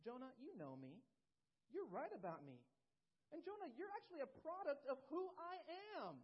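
An earnest, pleading God who presses His point with question after question, a woman preacher giving Him voice. The voice sits fairly high and moves a lot. The recording sounds dull and lo-fi. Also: sing-song, normal speed. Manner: earnest, reasoning, emphatic questions. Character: God pleading with a sulking prophet.

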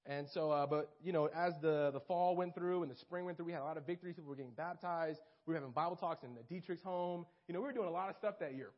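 A young man giving a casual storytelling sermon to a church group, animated and full of fillers. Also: a little high, fast, hardly any pauses. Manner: animated and casual, lots of fillers and acted-out quotes. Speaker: campus minister speaking to a church group. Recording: dull lo-fi recording.

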